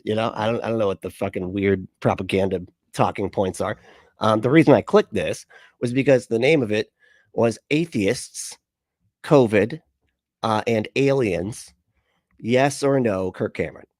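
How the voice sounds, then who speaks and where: Profane, rambling man, low-pitched. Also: moderate pace, darkish tone, dry recording, clean studio sound. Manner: rambling, profane, frequent restarts and laughs. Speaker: reaction video host. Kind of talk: casual commentary.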